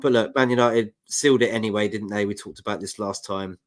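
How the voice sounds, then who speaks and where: London bloke co-hosting football chat. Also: male voice, on the low side, steady tone, a little fast. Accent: London English. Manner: banters, reads out viewer comments. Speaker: football podcast co-host. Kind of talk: casual chat.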